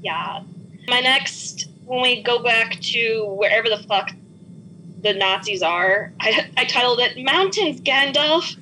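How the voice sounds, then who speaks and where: A woman's voice: a little high, animated, slow, sharp tone, slight background noise, rough recording. A woman hosting a podcast, chattily recapping a film and swearing freely. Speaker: podcast host. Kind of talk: casual movie recap chat.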